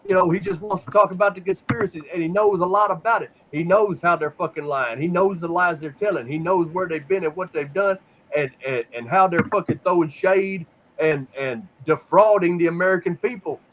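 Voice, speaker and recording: A man's voice: high voice, fairly quick, background noise. A man holds forth on a podcast in a slightly raised voice, cursing freely and circling back over his own words. The sound is dull and lo-fi. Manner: profane, rambling, repeats words when stuck. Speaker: podcast host. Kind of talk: casual conspiracy talk.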